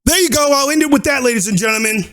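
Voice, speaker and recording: A man's voice: very high voice, very fast. A man giving a heated, slang-filled video commentary and lecturing his viewers. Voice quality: forceful, preachy rant with slang. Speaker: YouTube commentator. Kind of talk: ranting commentary.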